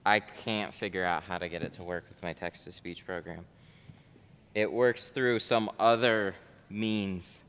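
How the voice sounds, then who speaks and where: A man's voice: deep voice, fairly even intonation, measured pace, fairly bright tone, clean tone, long reverb tail. A man working as a window tinter, chatting casually on a livestream while he works and answers viewer chat. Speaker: window tinter streaming live. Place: car tint shop.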